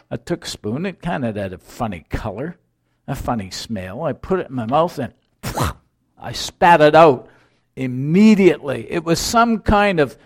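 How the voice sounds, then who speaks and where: Measured male preacher, unhurried, slightly high voice. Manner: measured, deliberate, storytelling. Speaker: pastor. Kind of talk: sermon.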